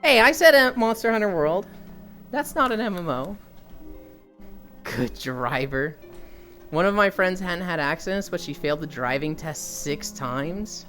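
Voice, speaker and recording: Woman streamer, low voice, loose profane chat with faint music under it. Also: lively intonation, measured pace, fairly bright tone. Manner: swears freely, acts out voices in stories. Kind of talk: casual chat with viewers.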